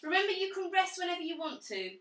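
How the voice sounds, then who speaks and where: High bright woman leading a pilates class. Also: sing-song, quick pace, distant mic. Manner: encouraging, cueing breaths and giving corrections. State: out of breath at times. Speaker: pilates instructor. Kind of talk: live online fitness class instruction. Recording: echoey room, away from the mic.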